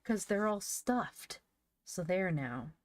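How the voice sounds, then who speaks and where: A woman voicing an excitable, indignant young boy who shrills and cries out in a storybook reading. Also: on the low side, a little slow. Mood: pleading, eager.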